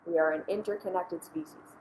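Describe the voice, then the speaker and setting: A woman's voice: lowish voice, fairly even intonation, fairly quick, a little mellow, echoey room, a little hiss or hum, poor audio. A woman hosting a casual spoken commentary, earnest and conversational, often dropping "like" between thoughts. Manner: earnest, conversational, frequent "like" fillers. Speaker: host.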